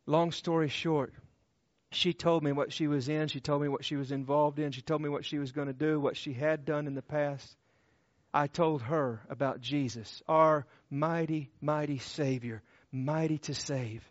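Fervent high-voiced preacher man. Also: fairly even intonation, normal speed, dry recording, highs cut off. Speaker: pastor. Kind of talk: sermon with personal testimony.

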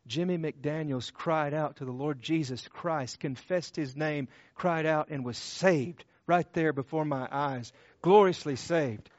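A man's voice: a little high, measured pace, hardly any pauses, dry recording, lo-fi sound. A man preaching a sermon, telling a testimony story in a fervent storytelling manner. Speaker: pastor.

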